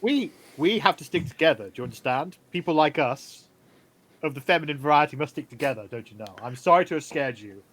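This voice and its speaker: A man's voice: fairly high pitch, animated, brisk, a bit bright. A man voicing a glamorous, famous 1920s woman who dotes on everyone and calls them darling, in a tabletop game. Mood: consoling.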